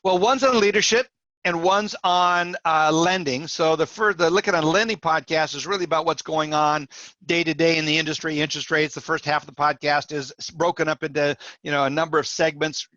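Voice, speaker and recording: A man's voice: fairly high pitch, brisk, no echo, highs cut off. A middle-aged man, a mortgage industry coach, telling stories as a podcast guest and acting out the dialogue with energy. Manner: animated storyteller acting out quoted dialogue. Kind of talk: storytelling in a podcast interview.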